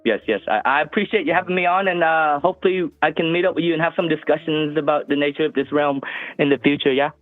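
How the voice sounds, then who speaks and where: Brief: male caller, halting and stammering, pitched a bit high, tinny phone line. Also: no room sound, faint music behind. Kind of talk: phone-in chat.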